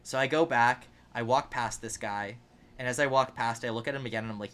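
A man in his twenties co-hosting a podcast, telling a lively, self-mocking anecdote in casual chat. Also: mid-range voice, a little fast. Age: 20s. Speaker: podcast co-host.

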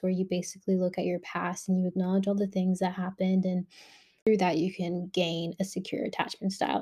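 A young woman talks straight into her podcast mic in a loose, rambling monologue. She sounds worked up and candid. Her voice has a mellow, dark warmth at an ordinary middle pitch. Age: young adult. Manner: candid, animated, heated. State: agitated and shaken. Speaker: podcast host.

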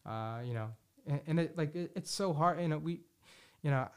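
This podcast host's voice sits on the high side, smooth and at a moderate pace. Talking solo and casually, he rambles with many restarts and fillers, swears freely, and shows enthusiasm for his music predictions.

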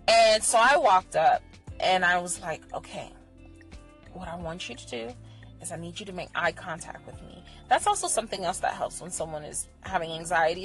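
Brief: woman vlogger, bright voice sitting a bit high, blunt and profane, swings from gentle to rowdy. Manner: blunt and profane, swinging from soft gentle encouragement to loud animated venting. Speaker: vlogger sharing anxiety coping advice. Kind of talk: candid motivational monologue.

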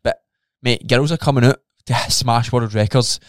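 A man co-hosting a podcast, telling a story in an animated way, swearing a lot and acting out his own reactions. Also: mid-range voice, moderate pace, dry recording, clean studio sound. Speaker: podcast co-host. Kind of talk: casual chat.

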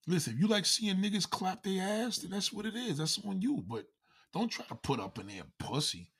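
A man's voice: medium pitch, sing-song, moderate pace, a bit bright, slightly rough. A man giving a heated, mocking, profanity-filled comedic rant to his viewers. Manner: heated, mocking, swears constantly. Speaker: vlogger.

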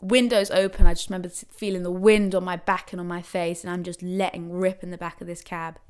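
A young woman casually telling a personal story, animated and acting out what people said. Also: fast talker, clear, resonant tone. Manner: animated, acts out quotes with big pitch swings. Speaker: new mother telling her birth story.

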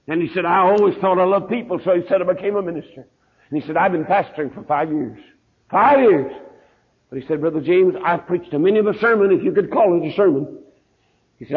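Southern preacher with husky, tinny sound. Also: male voice, on the high side. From Mississippi, USA. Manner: storytelling preacher acting out quoted dialogue. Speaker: pastor. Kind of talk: sermon. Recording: tinny phone-like recording.

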